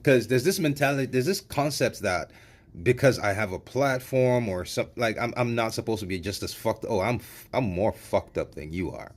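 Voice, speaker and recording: A man's voice: medium pitch, moderate pace. A man ranting in an angry reaction video, heated, profane and repetitive. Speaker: commentary vlogger.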